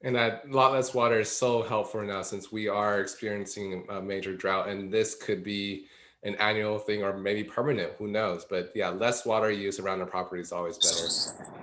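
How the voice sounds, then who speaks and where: A man's voice: on the low side, steady tone, normal speed, fairly bright tone. Man, host, upbeat, casual, jokey. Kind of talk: livestream panel wrap-up.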